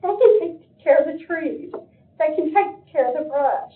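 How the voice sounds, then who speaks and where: At a county meeting, an older woman delivers an emotional public comment, pleading as her voice breaks. She speaks unhurriedly in a high, expressive voice. The audio is echoey and phone-like, typical of meeting recordings.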